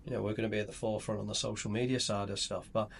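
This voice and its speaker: Relaxed low-voiced man. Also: rapid-fire, creaky, husky. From England. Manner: relaxed, rambling storyteller with restarts. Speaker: company CEO and founder. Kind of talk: casual podcast chat.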